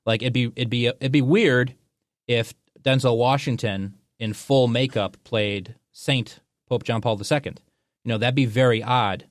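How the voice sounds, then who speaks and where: Mid-pitched male co-host, rambling and thoughtful, dry close mic. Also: steady tone, measured pace, dry recording. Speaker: podcast co-host. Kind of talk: casual chat.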